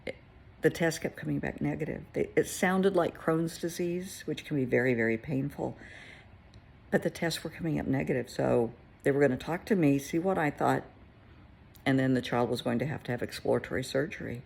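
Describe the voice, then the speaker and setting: A woman therapist telling a client story in a casual, conversational way, with gentle emphasis. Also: sits low, brisk, gravelly, slightly rough.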